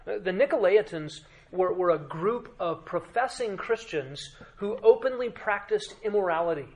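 A man's voice: sits high, expressive, unhurried, hardly any pauses. Emphatic male pastor preaching. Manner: emphatic preaching with dramatic drops to quiet; rhetorical questions to the congregation. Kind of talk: sermon.

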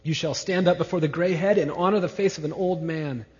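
A man's voice: on the high side, a little fast, a little mellow. Emphatic male preacher in an echoing hall. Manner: emphatic, repeats key words. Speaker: pastor. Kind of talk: expository sermon. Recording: reverberant hall, dull lo-fi sound.

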